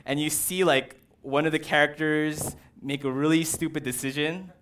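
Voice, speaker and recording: A man preaching a conversational sermon in a casual, animated way, with personal stories. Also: medium pitch, clear, resonant tone. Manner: casual, animated, uses "like" and "right".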